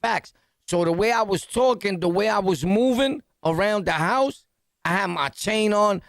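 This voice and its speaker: A man with a New York accent, a podcast host telling a story in animated, slangy bursts with punchy sound-effect words. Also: high-pitched, moderate pace, gravelly, no echo, studio quality. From New York City. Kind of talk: storytelling jail anecdote.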